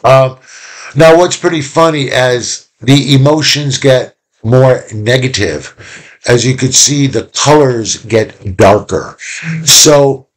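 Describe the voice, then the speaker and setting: A man talks through a lecture from his home, loose and conversational. He rambles, restarts his sentences and fills gaps with "uh" and "um," at an ordinary middle pitch. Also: takes it slowly. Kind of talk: casual recorded lecture. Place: home room.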